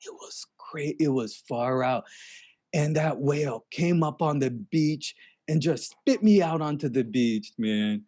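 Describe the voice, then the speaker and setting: A man's voice: on the high side, expressive, warm tone. A man telling a comedic story in a spaced-out, rambling way, drawing out "man" and restarting his sentences. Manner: dreamy and rambling, drawn-out "man" and trailing restarts.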